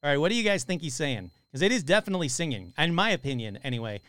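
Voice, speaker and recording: Excitable man with a lively, high-ish voice. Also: rapid-fire, noisy background. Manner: excitable, swears freely, reacts with loud exclamations. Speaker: live-stream host reading listener stories. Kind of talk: casual live-stream reading and reacting.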